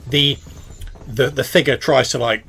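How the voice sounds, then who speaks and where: A man narrating as game master of a tabletop game, halting and full of fillers. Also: medium pitch, fairly even intonation, gravelly, sharp tone, breathy edge.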